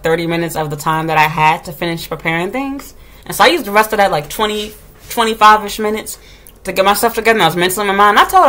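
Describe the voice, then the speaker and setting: A woman's voice: medium pitch, fairly bright tone. A woman, a kindergarten teacher, venting in casual chat to her viewers. She tells the story bluntly and with a lot of swearing, acting out what other people said. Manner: blunt, profane, sassy storytelling; acts out quoted dialogue.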